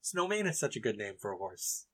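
A man's voice: fairly low pitch, very animated, a little fast. A man co-hosting a casual chat, enthusiastic, breaking off to read book passages aloud with drama. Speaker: podcast co-host.

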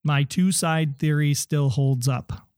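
A man's voice: a little high, slow pace, darkish tone, clear, resonant tone, no echo, studio quality. A man co-hosting a podcast, eager and theorizing, reading listener messages in casual chat. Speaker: podcast co-host.

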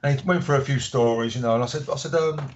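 A man's voice: mid-range voice, fast talker. A man, an author, telling anecdotes in a casual interview and acting out the voices of the people he quotes. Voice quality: animated storyteller, acts out quoted voices. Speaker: author guest. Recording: dull lo-fi audio.

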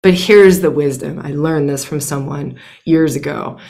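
A woman teaching a women's mystery school class in a frank, profane, animated way, often acting out her own inner voices. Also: deep voice, moderate pace. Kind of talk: candid teaching talk.

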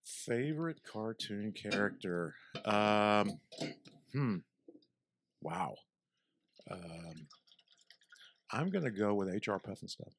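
A man's voice: on the low side, lively intonation, slow, long pauses, slight background noise. A middle-aged man from southern Illinois, a podcast guest telling stories in an easygoing, rambling way. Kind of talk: casual chat.

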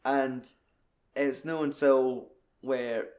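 A young Scottish man chatting casually about a film, swearing a lot and acting out lines in quick put-on voices. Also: mid-range voice, steady tone, darkish tone.

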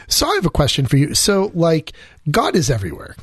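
A man, a priest, takes part in a casual radio discussion, pausing often and working his way toward questions. His voice sits a little high. The studio sound is dry and close. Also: wildly swooping pitch, husky, dry recording. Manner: hesitant, many fillers, asks questions. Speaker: priest, radio show guest.

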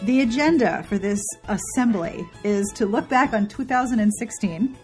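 A woman's voice: mid-range voice, normal speed, faint music behind. A woman hosting a podcast, chatting casually, joking and laughing often. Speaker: podcast host. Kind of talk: casual chat.

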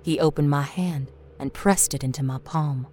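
A woman storyteller narrating a horror story in a steady, expressive reading. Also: low voice, moderate pace. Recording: narration over a faint music score.

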